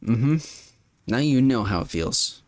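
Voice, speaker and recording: A man's voice: mid-range voice, lively intonation, slow, a little mellow, slight background noise. A young man hosting a gaming stream, firing back jokes and self-mocking comebacks in casual banter. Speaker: streamer host.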